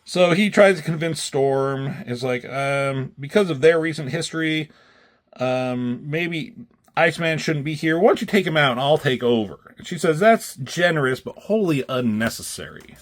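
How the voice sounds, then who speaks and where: A man's voice: fairly high pitch, normal speed. A man casually recapping a comic book, rambling with frequent fillers and the odd swear.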